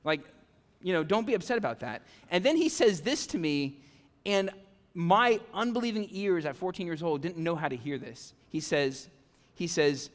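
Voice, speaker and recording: A male pastor preaching a conversational sermon, animated, with frequent "okay?" and "right?" asides to the congregation. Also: fairly high pitch, a little slow, pauses often, long reverb tail. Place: church sanctuary.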